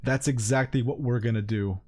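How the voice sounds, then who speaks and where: A man giving casual, wry commentary while he streams a colony game, scolding his characters out loud. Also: fairly even intonation, fairly quick. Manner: wry, talks to his game characters, swings into high-pitched exasperated yelps.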